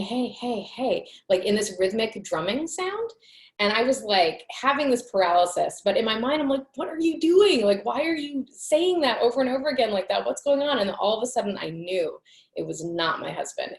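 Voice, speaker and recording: Woman host, lowish gravelly voice, earnest storyteller, roomy echo. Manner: earnest, animated retelling with many "like" fillers. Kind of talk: reflective personal storytelling in conversation.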